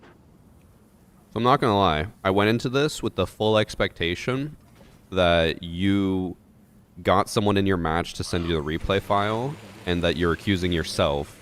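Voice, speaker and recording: A man's voice: low-pitched, a little slow, fairly bright tone, slight background noise. A man streaming and reviewing a match replay, chatting casually and thinking aloud with fillers. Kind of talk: casual gaming chat.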